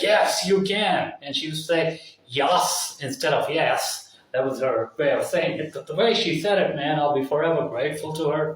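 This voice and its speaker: Rambling, profane man in an echoey room. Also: mid-range voice. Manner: casual, profane, full of fillers and asides. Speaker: vlogger. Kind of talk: rambling opinion monologue. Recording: very echoey room, mic at a distance.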